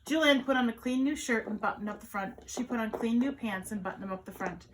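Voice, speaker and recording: A woman, a children's caregiver, reading a picture book aloud to children in an animated, sing-song storytelling manner. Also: fairly high pitch, fast talker, background noise.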